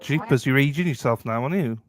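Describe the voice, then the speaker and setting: A man's voice: mid-range voice, quick pace. A man co-hosting a live stream, bantering in a friendly, jokey way with guests and chat.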